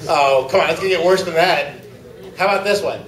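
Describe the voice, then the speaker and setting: High-voiced man for a crude open-mic stand-up set; roomy club sound, mic at a distance. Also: fairly quick, a crowd in the background. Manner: crude joke-telling, laughing at own jokes. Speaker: stand-up comic. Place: small comedy club.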